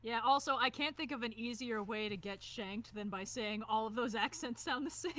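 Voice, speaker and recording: A woman co-hosting a relaxed gameplay stream, chatting and laughing freely. Her voice is bright and clear, sitting a little high. She talks in a loose, joking way. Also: moderate pace. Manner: lively, laughs often, slips into jokey voices. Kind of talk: casual chat over gameplay.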